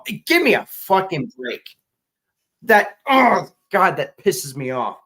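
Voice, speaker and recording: This podcast co-host has a high, very animated voice, speaking slowly with a bright, forceful edge over a rough recording. He rants on a casual commentary show, exasperated and profane, restarting his sentences again and again.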